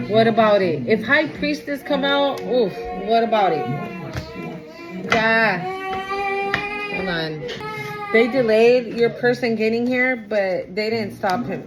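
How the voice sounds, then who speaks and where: A woman's voice: fairly high pitch, low-quality recording. A woman giving a casual tarot reading, blunt, emphatic and full of swearing. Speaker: tarot reader.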